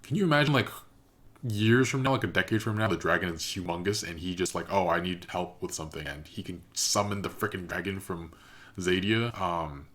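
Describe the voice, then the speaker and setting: A man's voice: low voice, fairly quick, fairly bright tone. A man hosting a reaction video, giving casual, thoughtful commentary and analysing what he has watched.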